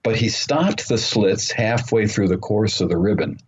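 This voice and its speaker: A man telling his story as an interview guest, earnest and unhurried, with frequent ums and uhs. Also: lowish voice, animated. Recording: muffled remote call audio with faint noise.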